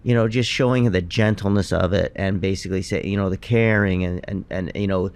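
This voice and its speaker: A man's voice: low voice, steady tone, fairly quick, smooth. A man co-hosting a live podcast Q&A at a seminar, making his points in an earnest, emphatic way. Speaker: podcast co-host. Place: seminar stage.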